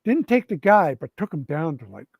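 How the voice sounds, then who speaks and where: A man, a game designer and guest, telling gaming stories in a casual interview, animated and rambling with many restarts. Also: on the high side, moderate pace, creaky, no echo. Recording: dull lo-fi sound.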